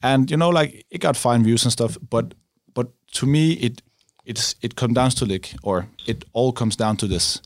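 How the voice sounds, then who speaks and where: A man's voice: mid-range voice, normal speed, slight background noise. A man in casual podcast chat, reflective, often checking in with "right?". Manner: reflective, frequent "right?" tags. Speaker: YouTuber, podcast co-host.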